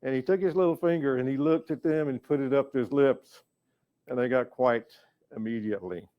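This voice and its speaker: A man from North Carolina teaching a language lesson, going slowly and patiently, repeating each word and chuckling now and then. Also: mid-range voice, no echo. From North Carolina, USA. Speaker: educator and storyteller. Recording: dull, lo-fi recording.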